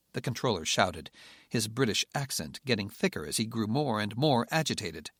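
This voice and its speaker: A man narrating an audiobook thriller in steady, measured scripted narration. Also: fairly low pitch, creaky, dry recording, studio quality.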